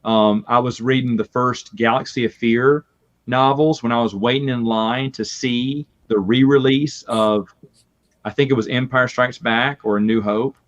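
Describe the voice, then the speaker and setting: A man of middle pitch chats casually as a guest, telling lively stories and breaking into laughter. The audio is muffled and a little lo-fi. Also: measured pace. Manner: lively storytelling with frequent laughs. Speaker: podcast guest. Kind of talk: casual chat.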